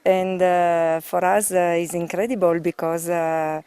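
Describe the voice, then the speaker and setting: Slow-spoken woman tourist. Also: lowish voice, flat delivery, dark tone, clean tone. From Italy. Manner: halting, searching for words.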